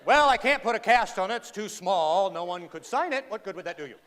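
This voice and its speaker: A man voicing a matter-of-fact male doctor who speaks in a flat, clinical way, recorded in a reverberant hall. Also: sits high, brisk. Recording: reverberant hall, faint background ambience.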